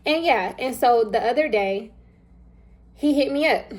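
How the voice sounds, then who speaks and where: A young woman with a slightly high voice tells a story in easy, informal chat. She is animated, slips into the voices of the people she quotes, and speaks straight to her listeners as if among friends. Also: measured pace, soft background music. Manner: animated, acts out quoted dialogue; chatty and informal, addresses listeners directly. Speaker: vlogger. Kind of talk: casual storytelling.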